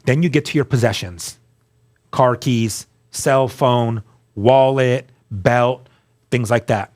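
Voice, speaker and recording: A man telling his story as a guest, earnest and animated, acting out the dialogue he quotes. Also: medium pitch, slow pace. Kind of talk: storytelling testimony.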